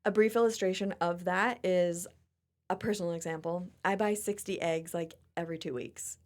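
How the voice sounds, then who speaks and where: A woman hosting a podcast in a chatty, expressive, casual way. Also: lowish voice, normal speed. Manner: chatty and expressive, often laughing. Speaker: podcast host. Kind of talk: casual chat.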